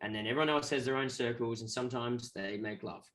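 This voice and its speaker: A man's voice: mid-range voice, quick pace, fairly bright tone. An Australian man, a guest musician, telling rambling stories in a casual interview and acting out the voices of people he quotes.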